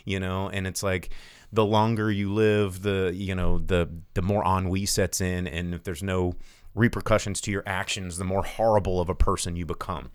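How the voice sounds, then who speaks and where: A man's voice: low voice, flat delivery, moderate pace, clean tone, dry recording. A man hosting a live podcast, rambling and cursing casually through a movie plot recap from his home studio. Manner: rambling, profane, lots of fillers. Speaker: podcast host.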